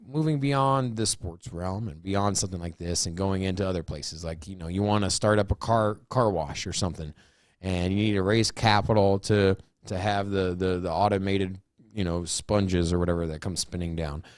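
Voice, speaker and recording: A man's voice: low voice, dry recording, studio quality. A man co-hosting a casual crypto show, rambling through his points with many restarts and "you know"s. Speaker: co-host. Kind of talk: casual chat.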